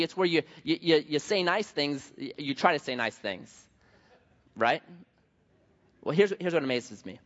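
Lively man preaching in a hall. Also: on the high side. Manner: conversational and jokey, with many restarts. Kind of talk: sermon. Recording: dull sound with long hall reverb.

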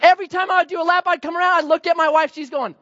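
A man's voice: very high-pitched, steady tone, very fast, sharp tone, lo-fi sound. A middle-aged man, a pastor, telling a funny personal story in a sermon and laughing at himself as he goes.

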